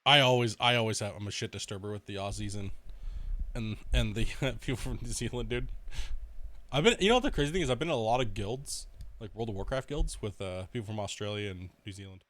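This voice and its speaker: Guy streaming a game, swears a lot, laughs, bright voice, dry close sound. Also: fairly low pitch, quick pace, dry recording. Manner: crude, swearing, laughs often; rambling storyteller with many restarts. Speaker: gaming streamer. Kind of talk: casual live-stream chat.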